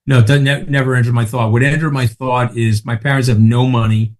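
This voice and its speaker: A man in his sixties from Long Island, New York, guests on a podcast, telling stories in a brash, emphatic style and swearing freely. His voice is mid-range and level in tone, with a slightly fast pace and a Long Island accent.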